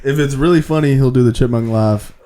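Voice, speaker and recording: A man's voice: medium pitch, fairly quick, warm tone. A man co-hosting a casual podcast, adding laid-back joking asides. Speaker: podcast co-host. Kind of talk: casual chat.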